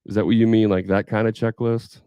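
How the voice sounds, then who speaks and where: A man's voice: fairly low pitch, flat delivery, fairly quick, mellow, clean tone, no echo. A man leading a live sales training for contractors, talking casually, thinking aloud and acting out customer conversations.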